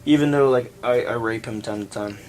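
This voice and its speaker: A young man co-hosting a casual, crude chat show, animated and laughing, jumping between topics. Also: mid-range voice, fairly quick. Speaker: podcast co-host.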